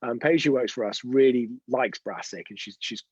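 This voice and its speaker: A man's voice: medium pitch, normal speed, breathy edge, dry recording, muffled recording. A man hosting an unscripted live stream, telling chatty, rambling anecdotes with frequent restarts. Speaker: host of a weekly live show.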